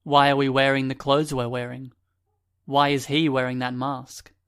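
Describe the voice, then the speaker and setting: A man's voice: medium pitch, little pitch movement, normal speed, a bit bright, smooth, close to an everyday voice. A man voicing a bitter, scornful teenage boy with glasses who accuses and questions the others. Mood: weary.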